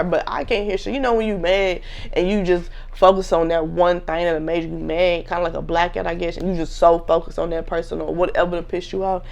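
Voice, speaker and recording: A woman's voice: fairly low pitch, brisk, vocal fry. A young woman in her twenties casually telling a personal story to viewers, candid and full of slang.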